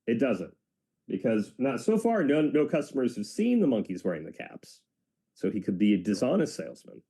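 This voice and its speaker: A man's voice: medium pitch, normal speed. A man who works as a teacher, reading a children's book aloud with playful asides and banter. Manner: playful, animated storyteller.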